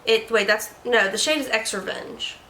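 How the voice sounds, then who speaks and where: A chatty woman hosts a relaxed beauty review from her desk at home. Her voice sits a bit high and sounds bright. She rambles along and stumbles over the odd word, and the room gives her a noticeable echo. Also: moderate pace, slight background noise. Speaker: beauty vlogger host. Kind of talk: casual product review chat.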